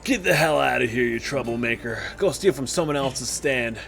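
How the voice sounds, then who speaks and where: A man's voice: mid-range voice, moderate pace, gravelly, fairly bright tone. Man playing a surly fruit vendor, rude and dismissive, tabletop game voice. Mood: gruff.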